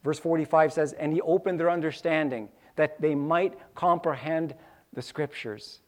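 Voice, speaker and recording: A man's voice: on the high side, normal speed. A man preaching a sermon, acting out little scenes with sound effects and repeating key lines for emphasis. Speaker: pastor.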